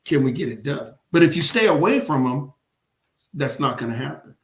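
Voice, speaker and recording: A man's voice: mid-range voice, lively intonation, normal speed. Emphatic man in an echoey room. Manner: emphatic, repeats words, laughs often. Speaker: city council candidate and commissioner. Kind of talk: casual interview chat.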